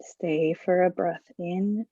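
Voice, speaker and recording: Calm, slow-speaking woman yoga instructor. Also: lowish voice, no echo, dull audio. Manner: calm, slow, soothing cues. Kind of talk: guided yoga class instruction.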